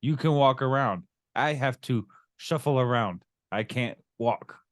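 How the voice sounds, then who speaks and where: Tired, grumpy caterpillar , a man doing it offhand, slow, dry sound. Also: mid-range voice, no echo, natural voice. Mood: exasperated.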